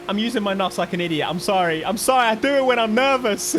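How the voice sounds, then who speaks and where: A man with an English accent giving excitable live commentary on a racing game, often yelping and shouting. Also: high voice, fast talker, hardly any pauses, a little hiss or hum. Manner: excitable, bursts into yelps and shouts. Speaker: gaming YouTuber.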